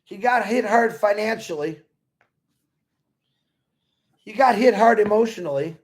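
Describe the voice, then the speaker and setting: Earnest, gravelly-voiced man. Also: high voice, measured pace. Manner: earnest, rambling, repeats himself. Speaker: company supporter talking to members. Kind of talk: casual motivational talk.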